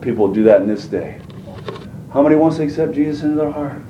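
Preacher guy, folksy sermon, kinda high voice, roomy and a bit muffled. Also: animated, quick pace, distant mic, noisy background. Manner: folksy, colloquial, rhetorical questions to the congregation. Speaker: pastor.

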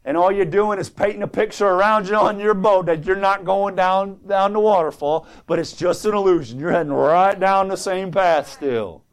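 A man preaching a sermon with fervor, swinging from quiet asides to loud exclamations and quoting scripture. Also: high-pitched, moderate pace, hardly any pauses. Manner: fervent, swings from quiet to loud, quotes scripture in old English.

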